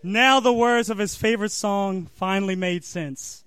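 A comedian reading a crude comic story aloud on stage, laughing and breaking off for asides. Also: male voice, high-pitched, moderate pace, fairly bright tone, clear, resonant tone, no room sound.

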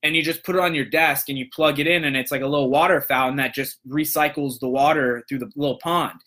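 Bright, animated man telling a story. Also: fairly high pitch, fast talker. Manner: animated, acts out voices in quotes. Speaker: podcast host, motivational speaker. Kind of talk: casual storytelling.

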